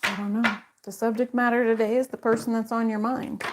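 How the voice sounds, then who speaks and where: A woman's voice: fairly high pitch, flat delivery, brisk, heavy background noise. A woman giving a casual tarot reading straight to her viewers in a chatty, slangy way. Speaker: tarot reader.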